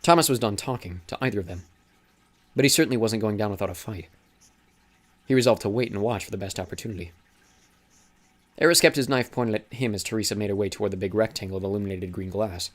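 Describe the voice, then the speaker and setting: Low-voiced man narrating an audiobook. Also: fast, long pauses. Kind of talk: scripted narration.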